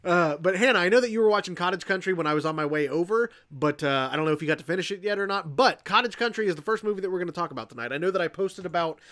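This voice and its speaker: A young male host on a casual livestream, talking in a loose, rambling way with plenty of swearing. His voice sits a little high for a man. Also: lively intonation, very fast, hardly any pauses, a bit bright. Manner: rambling, profane, laughs often. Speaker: podcast host.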